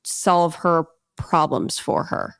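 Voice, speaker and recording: A woman's voice: low-pitched, very animated, takes it slowly, vocal fry, fairly bright tone, clean tone, no echo, studio quality. A woman in her thirties from Long Island, talking bluntly and candidly as a podcast guest. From Long Island, New York. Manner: blunt, candid and emphatic, with frequent "like". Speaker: actress guest on a gaming podcast. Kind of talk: casual interview chat.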